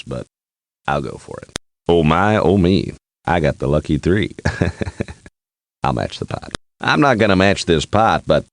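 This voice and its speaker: A man's voice: sits low, a little hiss or hum, exaggerated voice. An actor playing a brash, joking male poker player in a card game, gloating and laughing between quips. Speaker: game character. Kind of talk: game voice clips.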